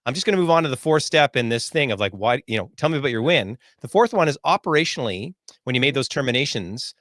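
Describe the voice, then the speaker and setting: A man from Canada who works as an executive coach, asking measured, affirming interview questions on a podcast. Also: mid-range voice, animated, a bit bright, no room sound, clean studio sound.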